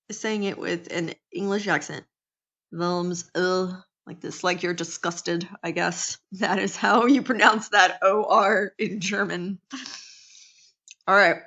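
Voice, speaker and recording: A woman's voice: medium pitch, bright, forceful tone, muffled recording. An American woman teacher giving a casual classroom lecture, chatty and full of restarts. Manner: chatty, acts out quotes, many restarts.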